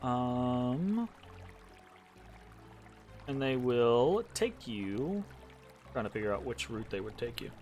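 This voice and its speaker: A man's voice: mid-range voice, very animated, takes it slowly, pauses often, a little mellow, faint music behind. A man narrating a tabletop game as game master, hesitant and full of ums and restarts.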